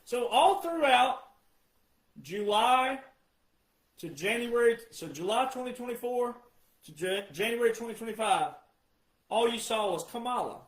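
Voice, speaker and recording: A man giving an emphatic monologue, repeating his points insistently and addressing the audience as ladies and gentlemen. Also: sits high, lively intonation, a little slow, long pauses, reverberant, low-quality recording. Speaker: commentator.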